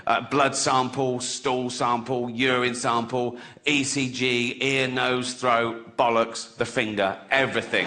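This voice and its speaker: A man's voice: mid-range voice, bright, forceful tone, reverberant. A man, performing a crude stand-up routine and laughing through his own punchlines. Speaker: stand-up comedian.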